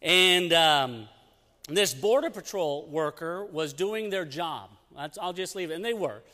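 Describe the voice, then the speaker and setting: A middle-aged man, a youth pastor, telling an animated story in a sermon with lots of restarts, on a pulpit mic in a church sanctuary. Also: a little high, a little slow. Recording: long church hall reverb.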